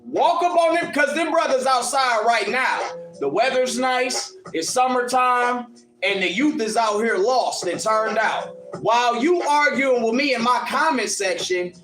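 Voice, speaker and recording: High-voiced man taunting a critic. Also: measured pace, a bit bright, roomy sound, faint music behind. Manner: taunting, mocking, combative, laughs at his critic. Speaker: livestream host answering commenters. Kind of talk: confrontational livestream rant. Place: in Ohio.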